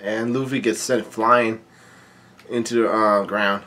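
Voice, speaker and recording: A man casually reading a manga aloud and commenting on it, halting often with fillers and restarts. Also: on the low side, fairly even intonation, bright, forceful tone.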